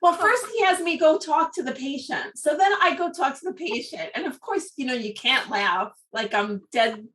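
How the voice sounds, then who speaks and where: A woman with a high, bright voice tells a story in an easy chat, laughing as she goes. She sits a little back from the microphone, so the sound is slightly distant. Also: moderate pace, hardly any pauses, slight background noise. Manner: lively storyteller, often laughing mid-sentence. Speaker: podcast co-host.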